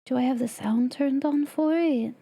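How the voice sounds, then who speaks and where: A woman streamer chatting casually to her live audience, excitable and laughing often. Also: high voice, moderate pace, gravelly, slightly rough.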